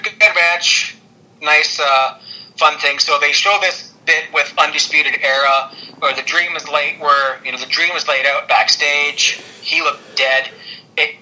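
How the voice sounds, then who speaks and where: A man with a very bright, slightly high voice chats through a wrestling recap, rambling and excitable, full of fillers and quick laughs. He sounds like a podcast co-host caught up in the moment. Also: rough recording. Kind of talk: casual wrestling recap chat.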